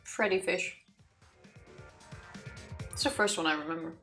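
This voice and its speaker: Woman, let's play co-host, casual chat, dry wit, soft music in the background. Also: lowish voice, unhurried.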